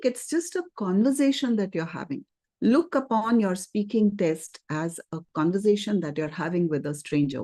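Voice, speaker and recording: Woman, warm tone, conversational exam teacher, dry. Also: medium pitch, dry recording. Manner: conversational, lively intonation with frequent fillers and "okay". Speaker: IELTS speaking teacher. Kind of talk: webinar lesson.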